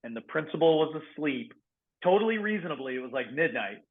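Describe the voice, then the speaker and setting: Male podcast guest, ex-negotiator, lively storyteller; thin phone-line audio. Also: fairly high pitch, quick pace. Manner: animated storyteller, laughs often, acts out quotes loudly. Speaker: guest, former SWAT negotiator and security professional. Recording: phone-like narrow band audio.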